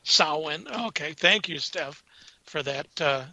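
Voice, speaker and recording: A man's voice: a little high, normal speed, bright, forceful tone, highs cut off, slight background noise. A man co-hosting a radio show, chatting in a laid-back, joking way. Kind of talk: casual chat.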